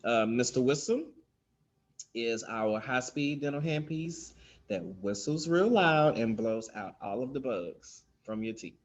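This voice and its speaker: A man with a mid-range, expressive voice teaches dental terms at a measured pace. He's a dental instructor, and his lesson is loose and chatty, full of ums and fillers, as he acts out how kids and staff talk.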